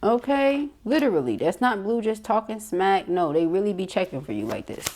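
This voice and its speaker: A middle-aged woman giving a casual, slangy tarot reading to camera, chatty and quick to laugh. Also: medium pitch, big pitch swings, noisy background. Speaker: tarot reader.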